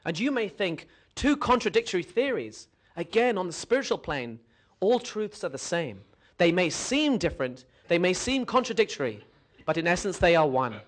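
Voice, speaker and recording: A man's voice: sits high, very animated, moderate pace. A man playing a pompous spiritual master. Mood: lofty. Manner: sermonizing, lofty and self-assured. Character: pompous male spiritual master, grandly vague. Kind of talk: comedy sketch acting.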